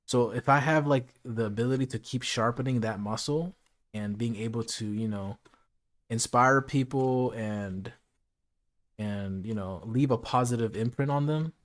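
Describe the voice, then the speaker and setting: Male streamer, late-night casual chat, earnest, reflective, chatty fillers, mid-pitched voice. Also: moderate pace. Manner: earnest, reflective, lots of "like" and "you know".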